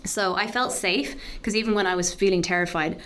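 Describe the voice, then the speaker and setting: A woman, a podcast guest talking candidly and openly about a deeply personal experience, with lots of "like" fillers. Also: fairly quick, fairly bright tone, smooth. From Ireland. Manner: open, heartfelt, full of "like" fillers.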